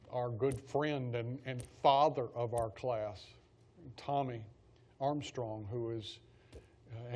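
A man's voice: mid-range voice, a little mellow. A man teaching a Bible study class in a conversational way, repeating key phrases for emphasis.

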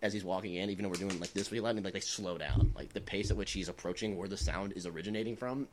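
A man's voice: low-pitched, rapid-fire, noisy background. Rambling young man laughing through stories. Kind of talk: casual storytelling chat.

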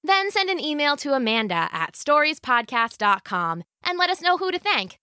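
A woman host reading a scripted podcast outro in a cheerful, lively way. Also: high voice, normal speed, no room sound, clean studio sound.

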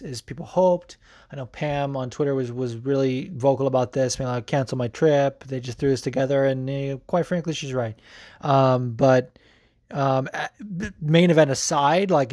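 A man's voice: fairly high pitch, a little mellow, no room sound, clean studio sound. A young man hosting a podcast, giving casual, profane sports commentary full of fillers. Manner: loose and profane, lots of fillers. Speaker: podcast host.

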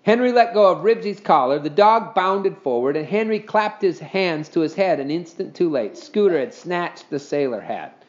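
A man narrating a children's storybook in an animated, expressive reading style. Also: on the high side, moderate pace, muffled recording. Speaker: audiobook reader.

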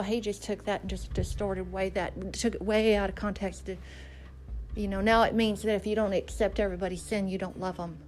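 A woman's voice: medium pitch, a little mellow. A woman hosting a faith podcast, telling a story and preaching in an emphatic, conversational way. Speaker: podcast host.

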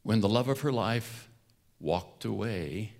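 A man's voice: lowish voice, animated, takes it slowly, vocal fry. Older man telling family stories. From California. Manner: warm-humored storytelling, acts out quoted voices. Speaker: speaker. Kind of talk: storytelling talk.

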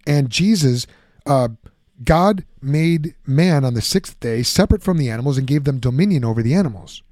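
A man giving a lively, conversational Bible teaching, often acting out the objections he answers. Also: medium pitch, normal speed, no echo, clean studio sound. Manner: animated, conversational, acts out objections.

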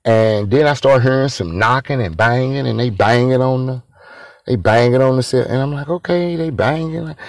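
A man's voice: medium pitch, normal speed, no room sound. A man telling a personal story in a loose, rambling way, full of street slang. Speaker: former inmate telling his story.

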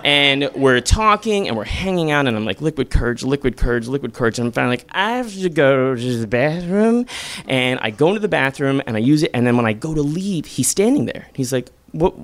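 A young man telling a self-deprecating comic story live, acting out quoted lines with sudden high squeals. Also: animated, quick pace, few pauses, a bit bright.

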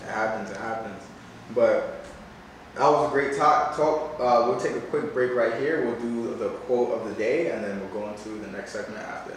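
A man hosting a casual podcast, relaxed and easy to laugh, as he steers the talk into each new segment. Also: medium pitch, moderate pace, distant mic. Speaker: podcast host. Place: sneaker cleaning shop. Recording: echoey room, off-mic, faint background noise.

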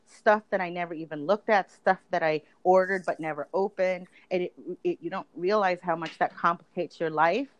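A woman's voice: on the low side, steady tone, moderate pace, few pauses, no room sound, low-quality recording. A woman co-hosting a podcast, talking in a chatty, casual way with lots of fillers and restarts. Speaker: podcast co-host. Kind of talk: casual chat.

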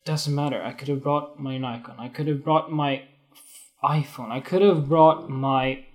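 A man's voice: mid-range voice, fairly even intonation, a little slow. A man hosting a casual photography talk on a live stream, candid, swearing often, restarting his sentences and growing emotional. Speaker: photography podcast host. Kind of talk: casual spoken monologue on Instagram Live.

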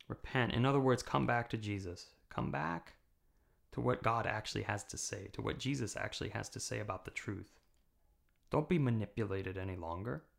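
A man's voice: medium pitch, creaky, a bit bright. A man preaching a video sermon in a conversational way, often checking in with "okay?" and building to impassioned emphasis. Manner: frequent checking "okay?" with listeners. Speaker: pastor. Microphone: camera mic.

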